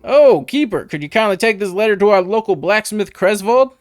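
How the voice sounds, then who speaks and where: A man voicing a male village head in a game, with a slow country drawl and a chatty, evasive manner. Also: high-pitched, lively intonation, dry recording, pitched above the performer's own voice. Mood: folksy.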